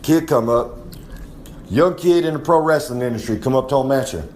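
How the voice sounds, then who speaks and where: A man's voice: medium pitch, moderate pace, a little mellow, slight background noise. Boastful man rambling about himself. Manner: boastful, talks about himself in the third person; drawling, rambling storyteller with frequent asides. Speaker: recurring segment guest. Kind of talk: rambling in-character wrestling promo.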